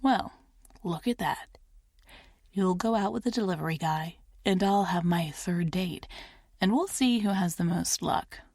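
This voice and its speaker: A woman's voice: on the low side, measured pace, darkish tone, no echo. A woman narrator playing a tired, aloof male CEO who banters with a dry, taunting edge.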